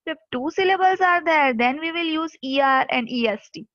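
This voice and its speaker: A woman's voice: high-pitched, brisk, a bit bright, dry recording. A woman teacher explains a grammar lesson step by step, spelling words out letter by letter. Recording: dull lo-fi dry recording.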